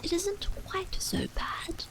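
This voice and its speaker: A woman voicing an anxious, strained wife and mother in whispered role-play, low and trembling. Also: lively intonation, unhurried, gravelly, a little mellow, slight background noise, poor audio.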